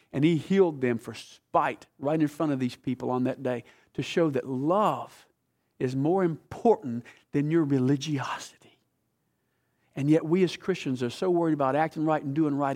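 Male preacher, high voice, fervent and conversational, drops to a hush then builds up loud. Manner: passionate, swings between hushed and loud; conversational, asks the audience questions. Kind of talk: sermon.

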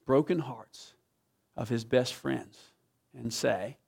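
Preacher guy, gravelly voice, gets loud then goes quiet, storytelling sermon in church. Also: medium pitch, slow pace. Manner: passionate storytelling, swings from loud to hushed. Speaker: pastor. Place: church sanctuary.

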